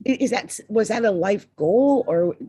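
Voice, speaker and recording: A woman's voice: medium pitch, lively intonation, moderate pace, warm tone, husky. A woman hosting a podcast interview, chatting casually with guests and stumbling a little over names. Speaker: podcast host.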